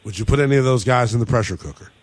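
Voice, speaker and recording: A man hosting a late-night sports talk radio show, brash and quick to tease callers. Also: medium pitch.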